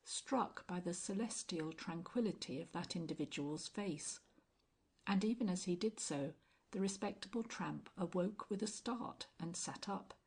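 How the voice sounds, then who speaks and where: Low, breathy woman narrating a story. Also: unhurried, darkish tone. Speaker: audiobook narrator. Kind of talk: scripted audiobook narration.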